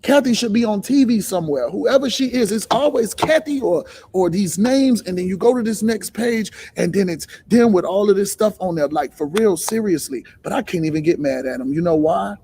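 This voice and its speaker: A man's voice: sits high, lively intonation, moderate pace, hardly any pauses, mellow, slight background noise. A man hosting a live stream, talking bluntly and profanely, firing rhetorical questions. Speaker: livestream host. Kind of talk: blunt motivational live talk.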